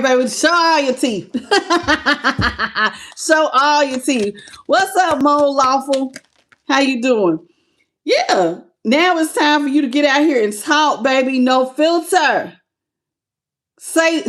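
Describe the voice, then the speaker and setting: A woman with a high, bright-sounding voice giving a live tarot reading. She talks in an animated, affectionate way, calling listeners baby and greeting them by name. She laughs often between lines. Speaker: tarot reader.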